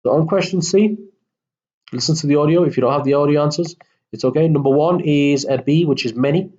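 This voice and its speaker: Fairly high-pitched yet darkish in tone, this man speaks fairly quickly while casually leading a recorded English textbook lesson full of fillers and self-corrections. The audio is muffled.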